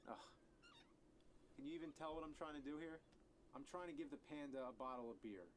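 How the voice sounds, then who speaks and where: A man delivers a comedic game review as a sarcastic, profane rant. His voice sits fairly high, and he keeps breaking into angry yells. A faint background hum runs under him. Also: fairly quick.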